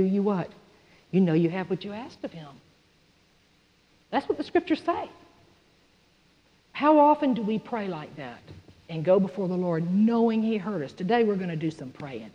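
A woman teaching a sermon, lively and conversational, acting out little scenes as she goes. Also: medium pitch. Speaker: Bible teacher. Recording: muffled sound in a long-reverb hall.

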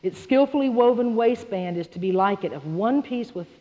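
A woman teaching a sermon, lively and conversational, acting out little scenes as she goes. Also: a little high, normal speed. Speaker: Bible teacher. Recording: muffled sound in a long-reverb hall.

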